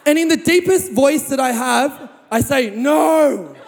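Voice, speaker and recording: A man preaching a sermon, telling a funny personal story with lively sound effects. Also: extremely high pitch, normal speed, vocal fry, big-room sound, slight background noise.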